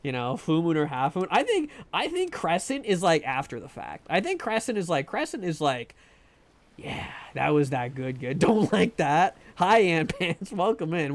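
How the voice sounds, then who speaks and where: A man streaming a game live from home at a desk mic, chatting casually with viewers, joking and laughing a lot. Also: on the high side. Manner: joking, self-deprecating, laughs often. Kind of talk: casual live-stream chat while gaming. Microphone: desk microphone.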